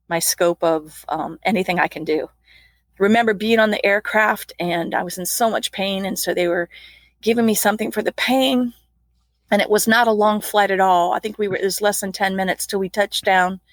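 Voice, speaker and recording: A woman's voice: medium pitch, no room sound. A middle-aged woman, a flight nurse, earnestly recounting a personal ordeal in an interview, with laughs and restarts.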